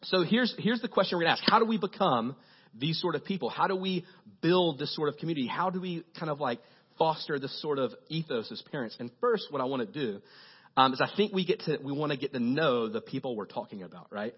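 Youth pastor guy preaching, husky voice, kinda dull lo-fi recording, jokey and loose. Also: fairly high pitch, brisk. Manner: casual, joking, animated storytelling. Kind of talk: sermon.

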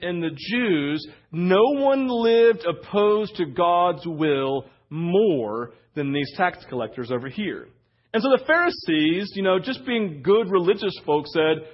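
Male pastor, easygoing sermon voice, slightly high, asks "right?" often; dull muffled recording. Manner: conversational preaching, frequent "right?" asides. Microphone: wireless church mic.

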